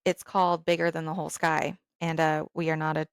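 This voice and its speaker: A woman's voice: deep voice, level tone, a little fast, gravelly, clean tone, no echo. A woman podcast host in empathetic conversation, reflective and thinking aloud as she asks questions.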